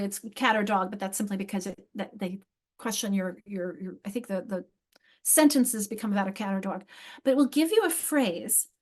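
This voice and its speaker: A woman presenting an online literacy training over a video call, explaining with frequent restarts and emphatic examples. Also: mid-range voice.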